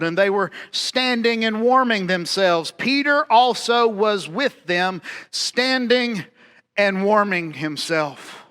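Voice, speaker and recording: A man with a strikingly high voice preaches a sermon. He tells the story vividly, repeating words for emphasis and voicing its speakers himself, then drops low and quiet before rising again. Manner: dramatic preaching, acting out quoted dialogue with swings in loudness. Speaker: pastor.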